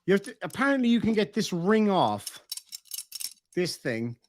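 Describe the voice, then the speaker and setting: An Irish man chatting casually on a live stream, reading out viewer messages in a rambling, excitable way that is full of swearing and restarts. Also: high voice, moderate pace. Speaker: livestreamer reading viewer donations.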